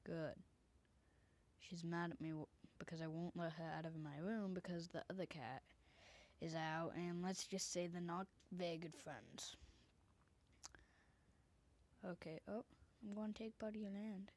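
A woman's voice: lowish voice, fairly even intonation, a little slow, pauses often. A woman commenting on a game she plays from her bedroom, often dropping into a whisper, into a desk microphone. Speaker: gamer. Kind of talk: casual gameplay commentary.

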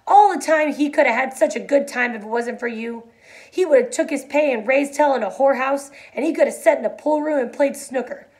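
A woman reading aloud voices a stern, scolding aunt in a sharp manner. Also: high voice, fairly quick, voice pushed up, lightly acted.

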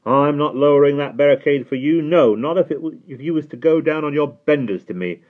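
A man playing a rough, greedy male gatekeeper who growls and sneers in loud slang. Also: a little high, brisk, voice pushed up, close to an everyday voice. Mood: sneering. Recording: tinny phone-like sound.

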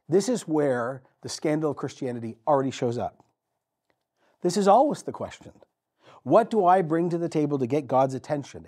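A man preaching a sermon as pastor, telling the story with dramatic pauses and repetition. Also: on the high side, dark tone. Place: church.

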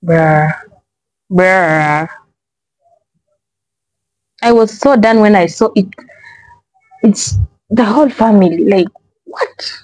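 Woman, reaction video host, casual exasperated commentary, swears freely, mid-pitched voice, dry close sound. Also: slow pace, pauses often, darkish tone, dry recording, poor audio. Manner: exasperated, profane, repeats herself.

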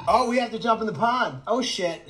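A man running an animal sanctuary, chatting excitedly and rambling with lots of laughter in a casual fundraising video outdoors. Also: sits high, fairly quick, poor audio. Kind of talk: casual fundraising vlog chat.

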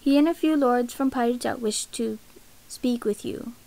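A nervous male military official who pleads and hesitates, as a woman reads him aloud. A slightly high voice with a gravelly edge. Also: moderate pace, warm tone. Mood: pleading.

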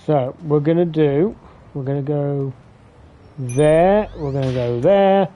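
A man commentating his own video game play on a live stream, swearing often and getting excitable. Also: on the high side, slow, phone-quality sound. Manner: sweary, excitable, talks to himself while playing.

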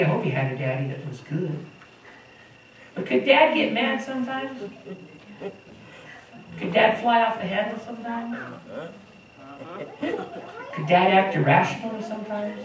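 A man's voice: sits high, slight background noise. A man preaching a sermon to his congregation, telling stories with jokes along the way. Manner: animated, joking storytelling. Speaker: pastor. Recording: echoey room from far off with audience.

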